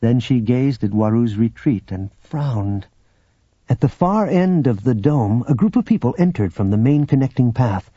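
A man reading scripted narration for an audiobook in a measured, steady way. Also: mid-range voice, breathy edge, dry recording. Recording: dull lo-fi audiobook recording.

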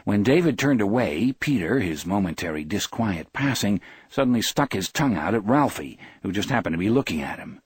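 A man with a husky voice narrating a novel in a measured, expressive reading, recorded on a close studio mic. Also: on the low side, no echo. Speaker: audiobook narrator. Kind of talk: scripted narration.

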